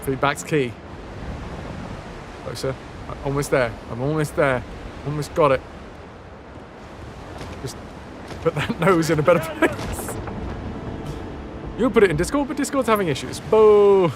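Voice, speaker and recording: A man's voice: on the high side, a little slow, pauses often, background noise. A man chatting playfully and rambling through a live game stream, answering his chat as he plays. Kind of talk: casual live-stream chat while gaming. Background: game music.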